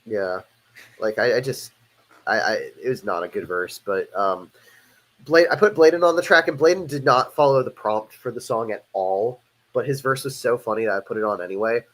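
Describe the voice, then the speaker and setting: A man's voice: on the low side, normal speed, a bit bright. A man hosting a livestream, talking casually about his music in a loose, rambling, profane way with frequent restarts. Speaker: host and musician.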